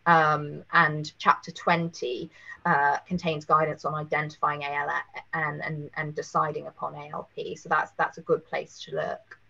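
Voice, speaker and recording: A woman, hoarse after a cold, giving a careful webinar presentation with many fillers. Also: low voice, flat delivery, normal speed, sharp tone, dull audio. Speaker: legal presenter.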